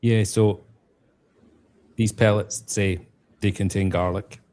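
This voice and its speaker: A man's voice: on the low side, steady tone, slow, darkish tone. A man hosting a casual chat, asking pointed follow-up questions. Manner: inquisitive, asks follow-up questions.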